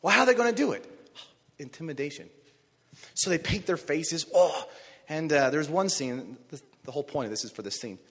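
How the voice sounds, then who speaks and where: Lively high-voiced guy preaching, bit husky, big echoey church hall. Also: brisk. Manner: animated storytelling, rises to shouts on key phrases. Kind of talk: sermon. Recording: long reverb of a large hall.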